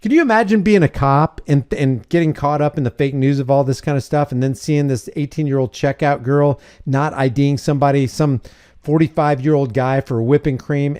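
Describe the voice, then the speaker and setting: A man hosting a casual commentary video, sarcastic and quick to laugh. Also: mid-range voice, fairly even intonation, a little mellow, smooth, no echo, studio quality. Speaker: host.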